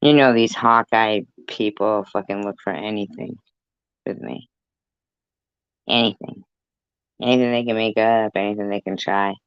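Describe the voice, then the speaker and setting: A man delivering a profane, taunting rant straight to the camera, slow and deliberate. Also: fairly low pitch, fairly even intonation, a bit bright, smooth, dry recording, muffled recording.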